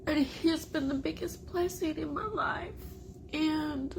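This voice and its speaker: A single mother talking through a confessional vlog, emotional and halting with many fillers, sounding tearful. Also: high voice, creaky, background noise.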